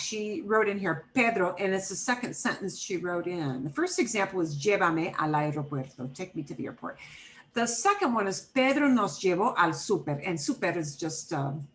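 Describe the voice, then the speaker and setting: A woman's voice: lowish voice, sharp tone, a little hiss or hum, low-quality recording. A middle-aged woman teaching an online Spanish class, explaining grammar patiently step by step with everyday examples over a video call.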